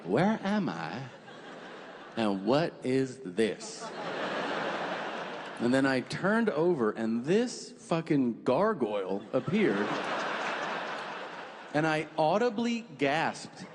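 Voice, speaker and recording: Profane male stand-up comic, lively pitch. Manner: animated storytelling, acts out quoted voices, profane. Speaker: stand-up comedian. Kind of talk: stand-up comedy set. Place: comedy club stage. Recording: reverberant club with faint room noise.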